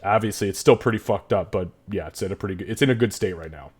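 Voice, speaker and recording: A man's voice: on the low side, fast, slightly rough. Laid-back male game master. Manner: casual, swearing, laughing often. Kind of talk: running a tabletop game stream.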